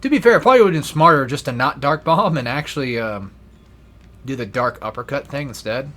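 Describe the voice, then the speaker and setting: A man's voice: mid-range voice, animated, fairly quick, a bit bright. A young man giving casual gameplay commentary, rambling and swearing freely with self-deprecating asides. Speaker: let's play gamer.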